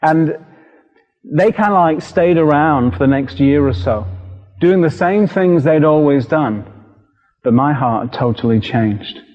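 A British man preaching a sermon as a story, lively and re-enacting scenes with sudden shouts. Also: on the high side, unhurried, soft background music. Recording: dull recording with long hall reverb.

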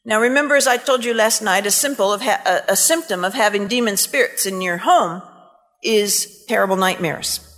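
A woman preacher telling a story in a sermon, animated and dramatic. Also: medium pitch, normal speed, long reverb tail.

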